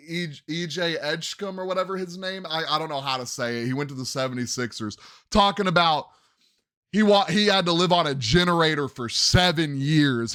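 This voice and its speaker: Man, solo sports podcast host, emphatic, opinionated, forceful tone, dry room. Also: fairly high pitch, no echo. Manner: emphatic, opinionated, addresses "ladies and gentlemen".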